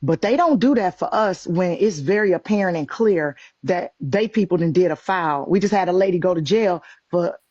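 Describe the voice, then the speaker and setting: A woman's voice: lowish voice, lively intonation, normal speed, few pauses, darkish tone, husky, no echo. Emphatic woman on a dull phone line. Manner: emphatic, repeats points, colloquial slang. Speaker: live stream participant. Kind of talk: casual live chat.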